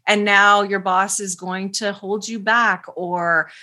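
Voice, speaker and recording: A woman's voice: mid-range voice, steady tone, slow pace, sharp tone. A middle-aged woman speaking as a parenting expert guest in an interview, earnest and passionate with emphatic repetition. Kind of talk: conversational interview.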